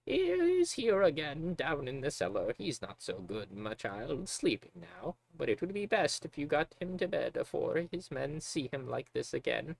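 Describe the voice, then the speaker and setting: A warm-hearted old kitchen matron from a fantasy game, as a man puts her on. She speaks slowly and tenderly, and her voice sits in a high, strained falsetto well above the reader's own. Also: sing-song, vocal fry, no echo, exaggerated voice, rough recording. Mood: coaxing, gentle. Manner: high falsetto, slow and coaxing. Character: kind old matronly woman cook.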